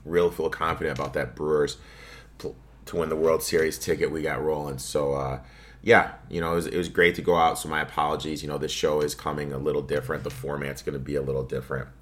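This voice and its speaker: A man with a very deep, level voice talks fast on his own sports betting podcast. The solo monologue is casual and offhand, a profane rant full of swearing.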